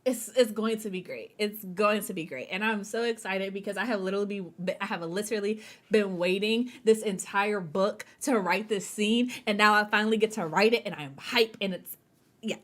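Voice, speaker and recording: A woman's voice: medium pitch, moderate pace. A woman hosting a writing sprint livestream, wired on caffeine, chatty and hyper, laughing often and talking to her viewers as y'all. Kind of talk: casual livestream chat.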